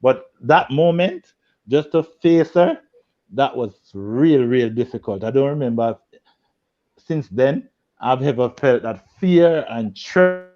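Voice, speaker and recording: Animated man telling a story. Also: mid-range voice, takes it slowly, dull audio. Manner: animated storyteller, laughs a lot, acts out quotes loudly. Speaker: guest. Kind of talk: storytelling in a group video chat.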